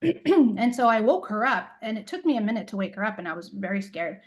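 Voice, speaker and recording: A middle-aged woman guesting on a casual interview as an intuitive coach recounts a personal story, rambling with plenty of fillers and dramatizing quoted dialogue. Her mid-range voice swings widely in pitch and moves fairly quickly, though the audio is poor.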